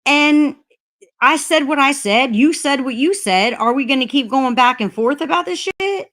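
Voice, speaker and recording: A woman's voice: high-pitched, animated, moderate pace, a bit bright. A woman hosting a livestream chat, ranting heatedly and swearing a lot. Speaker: livestream host.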